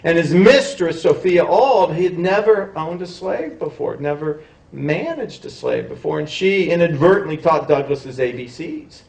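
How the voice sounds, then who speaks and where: Man, professor giving a lecture, gravelly raised voice, picked up from a distance, restarts his sentences. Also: on the high side, lively intonation, moderate pace, a little mellow. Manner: discursive, frequent restarts and self-corrections. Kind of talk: public lecture. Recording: roomy hall, mic at a distance.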